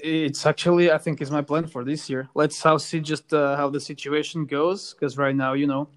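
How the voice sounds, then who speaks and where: Hesitant man, a bit higher voice. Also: little pitch movement, moderate pace. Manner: hesitant, many fillers and restarts, playful. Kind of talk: casual chat.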